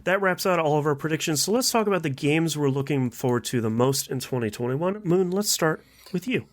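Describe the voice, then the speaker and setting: A man hosting a casual gaming podcast, reading out results with slow, drawn-out pauses. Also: a little high, expressive. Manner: upbeat, reads results slowly with drawn-out pauses. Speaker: podcast host.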